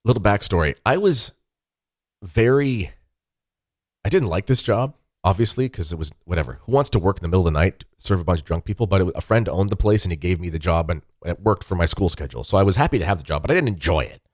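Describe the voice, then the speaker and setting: A man with a very deep voice hosts a casual talk show from his desk at home. He rambles through animated anecdotes, filling them with asides and "like." The sound is dry and close, with no room echo. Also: fast talker. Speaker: podcast host. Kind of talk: casual storytelling chat. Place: home desk with weightlifting equipment behind.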